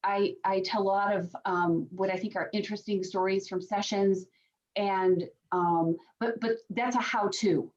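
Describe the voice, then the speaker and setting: A woman's voice: mid-range voice, fairly even intonation, a little slow, a little mellow. A woman guest on a podcast, a psychic medium, explaining her work earnestly with frequent restarts. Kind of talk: podcast interview answers. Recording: dull lo-fi sound.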